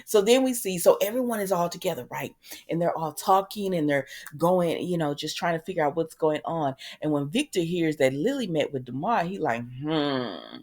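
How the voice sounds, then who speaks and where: A woman's voice: lowish voice, brisk. A woman host recapping soap opera episodes in casual, chatty talk, acting out the characters' lines with lots of ums. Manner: chatty and animated, acts out quotes, many ums.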